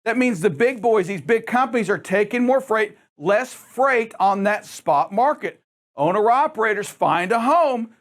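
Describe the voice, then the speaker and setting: A man with a notably high speaking voice hosts a trucking safety show. He talks emphatically and addresses drivers directly, often stumbling over and repeating words. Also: animated, a little slow. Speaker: show host.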